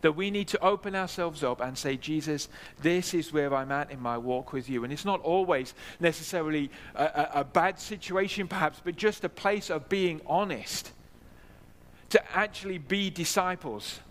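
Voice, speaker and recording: A man's voice: on the high side, normal speed, fairly bright tone. A man preaching a sermon in a church, earnest, repeating key phrases for emphasis. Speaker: pastor. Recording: long hall reverb.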